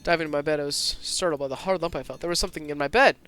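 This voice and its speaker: Fast-reading man narrating a story. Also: on the high side, sharp tone, slight background noise. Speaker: streamer reading a visual novel aloud. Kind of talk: dramatic story narration with asides.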